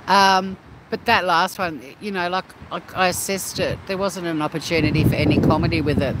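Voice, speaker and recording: An Australian man hosts a casual live stream at the beach, reading his chat and talking bluntly and chattily with plenty of swearing. His voice is fairly high and bright, and noisy outdoor street sound surrounds him.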